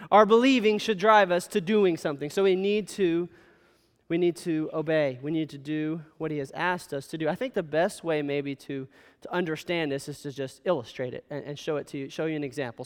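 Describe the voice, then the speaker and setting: A man's voice: fairly high pitch, clean tone. A man preaching a sermon, telling stories in a conversational way and often checking in with "okay?". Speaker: pastor. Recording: hall reverb.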